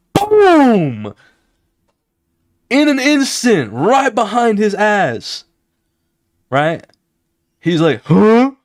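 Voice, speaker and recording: A young man streaming while he draws, casually talking through his comic's scenes in an excited, swear-filled way and acting them out with sound effects. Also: a little high, no room sound, studio quality. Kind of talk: casual live-stream chat while drawing.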